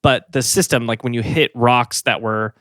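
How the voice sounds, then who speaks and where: A man's voice: medium pitch, moderate pace, a bit bright, no echo, clean studio sound. Breathless man rambling through a story. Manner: rambling, many fillers and restarts, laughs easily. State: out of breath, a little sick. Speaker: podcast co-host telling the story. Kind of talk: casual storytelling chat. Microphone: podcast mic, pointed down.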